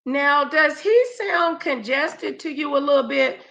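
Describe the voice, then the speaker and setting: A woman's voice: sits high, measured pace, creaky, a bit bright. A woman hosting a casual live stream, chatty and slangy, greeting viewers by name. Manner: scolds her dogs mid-stream.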